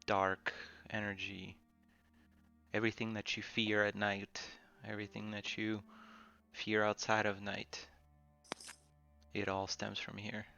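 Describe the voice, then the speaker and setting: Hushed ancient sword spirit, voiced by a man. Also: monotone, creaky, clear, resonant tone, faint music behind, heavily acted. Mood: ominous. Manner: slow, low and hushed. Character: eerie ancient voice living in a sword. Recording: dull dry lo-fi recording.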